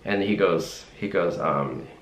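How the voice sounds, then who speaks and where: A man's voice: low voice, takes it slowly. A young man telling a story to camera in a rambling, casual way, full of fillers and restarts. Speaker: vlogger. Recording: roomy echo.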